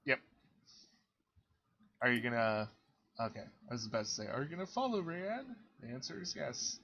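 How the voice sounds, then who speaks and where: A man narrating a tabletop game as game master, relaxed and halting, often pausing on fillers. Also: mid-range voice, breathy edge, lo-fi sound.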